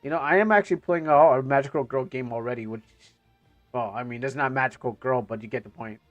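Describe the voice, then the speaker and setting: A man's voice: mid-range voice, fast talker, no echo, highs cut off, soft background music. A man streaming casually, reacting to game trailers as he talks, rambling and stammering with joking asides.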